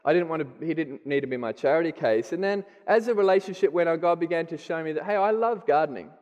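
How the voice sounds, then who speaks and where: A man's voice: on the high side, fast talker, a little mellow, highs cut off. A middle-aged man with an Australian accent giving a candid, self-deprecating sermon testimony. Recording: long hall reverb.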